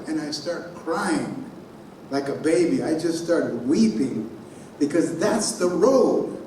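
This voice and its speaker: A man giving a keynote speech in a conference hall, telling a personal story in an animated way and sounding out noises himself. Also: sits high, slight background noise. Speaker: keynote speaker. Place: conference hall on a college campus. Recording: very echoey hall from far off.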